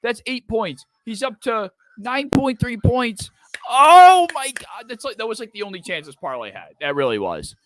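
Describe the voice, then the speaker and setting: A man's voice: high-pitched, big pitch swings, moderate pace, hardly any pauses, slight background noise. A man hosting a live football watch-party stream, reacting with exasperation, swearing and repeating himself. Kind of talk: live sports reaction chat.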